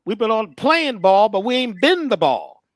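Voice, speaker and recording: Male guest, inspirational talk, swooping animated pitch, dry close sound. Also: no room sound. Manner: halting starts, preacherly wordplay. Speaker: guest speaker.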